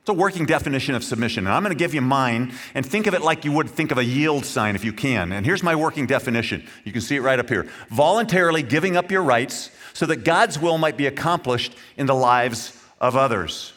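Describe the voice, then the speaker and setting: A man's voice: mid-range voice, lively intonation, brisk, few pauses, a bit bright. Earnest male pastor preaching. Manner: earnest, emphatic, addresses the congregation directly. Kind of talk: sermon.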